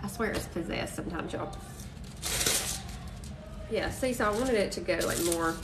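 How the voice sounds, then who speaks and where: A woman's voice: on the low side, normal speed, distant mic, very noisy. A woman hosting a chatty live-stream crafting demo, bubbly and full of "y'all". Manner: bubbly, says "y'all" and "freaking" a lot. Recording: voice a bit off-mic, faint music behind.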